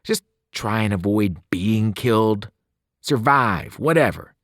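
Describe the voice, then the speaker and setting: A man voicing a blunt, gruff teenage boy leader who talks in rough slang. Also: on the low side, lively intonation, slow, no room sound, studio quality. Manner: slangy, dropping words, rough.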